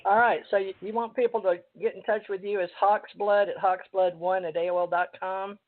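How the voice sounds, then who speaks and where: A woman hosting a talk radio show, rambling and halting with many fillers. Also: medium pitch, steady tone. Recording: tinny phone line.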